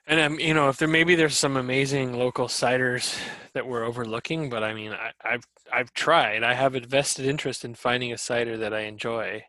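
A man co-hosting a podcast, telling stories in a loose, animated way with frequent laughs and casual swearing. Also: mid-range voice, fairly quick, hardly any pauses, no room sound. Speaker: podcast co-host. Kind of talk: casual chat.

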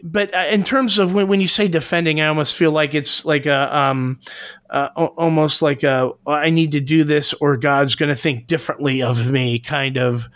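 A man's voice: a little high, fairly even intonation, normal speed, a bit bright, no echo, clean studio sound. A man co-hosting a casual podcast discussion, speaking earnestly and hunting for the right words with many restarts. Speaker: podcast co-host.

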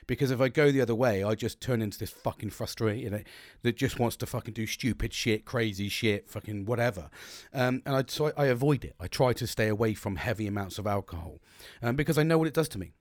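A man's voice: on the low side, a little mellow, no room sound, studio quality. A young man hosting a podcast, talking bluntly and rambling, with plenty of swearing. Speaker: podcast host. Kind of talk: candid solo podcast monologue.

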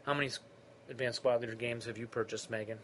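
A man's voice: medium pitch, steady tone, fast talker, background noise. A man hosting a podcast, chatting casually and teasing with dry humor. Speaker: podcast host.

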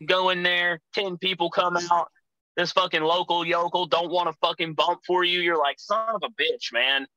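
A man's voice: high voice, steady tone, moderate pace, pushed and bright, no room sound, rough recording. A young man, a pro wrestler guest, telling rambling road stories in casual chat, swearing constantly. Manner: profane, rambling storyteller.

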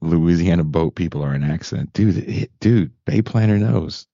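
Deep-voiced, animated man hosting a podcast. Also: normal speed, gravelly, no echo. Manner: animated, laughing, storytelling. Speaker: podcast host. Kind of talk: casual chat. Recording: dull lo-fi sound.

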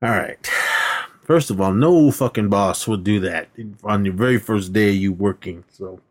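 A man's voice: lowish voice, normal speed. An American man co-hosting a podcast, casually recapping movie scenes. He laughs often, swears freely and restarts sentences as he tries to remember what happened. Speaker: podcast co-host.

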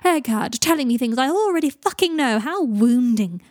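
Sarcastic drama-queen young guy, read by a woman, breathy close voice. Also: a little high, fast talker, darkish tone, no echo. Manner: sarcastic, theatrical drawl. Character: sharp-tongued young man, sarcastic and dramatic. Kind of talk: fan fiction audiobook reading.

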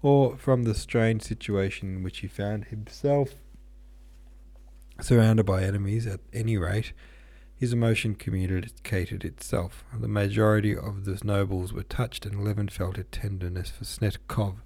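A man's voice: fairly low pitch, fairly even intonation, a little slow, warm tone, dry recording. A man reading a classic novel aloud, unpolished, with small slips and asides. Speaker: audiobook reader.

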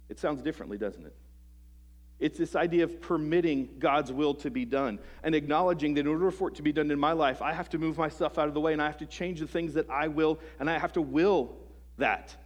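A man preaching a sermon to a congregation. He is earnest, asks them rhetorical questions, restarts phrases often and lets his sentences trail off softly. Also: mid-range voice. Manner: halting restarts, soft trailing phrase ends. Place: church service before a congregation.

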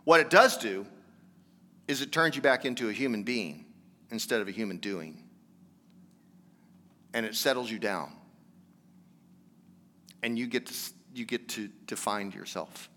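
Bright-voiced pastor preaching in a reverberant hall. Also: male voice, lowish voice, animated, measured pace, pauses often. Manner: conversational, earnest preaching that builds to emphatic exhortation. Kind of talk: sermon.

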